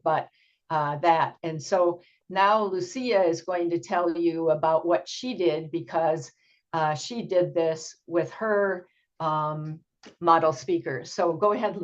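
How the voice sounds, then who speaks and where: Slow, patient older woman teacher trainer. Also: low-pitched. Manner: slow, patient explaining with frequent ums. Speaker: teacher trainer presenting a workshop. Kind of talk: online workshop presentation. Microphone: video call. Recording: dull lo-fi video call audio.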